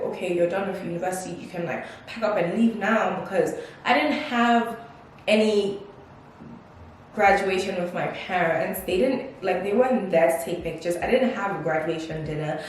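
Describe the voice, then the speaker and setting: A woman in her twenties chatting in a casual, reflective vlog, full of fillers and acted-out quotes. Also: mid-range voice. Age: 20s. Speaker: vlogger. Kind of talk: casual life-update vlog. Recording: distant mic in a very echoey room with faint noise.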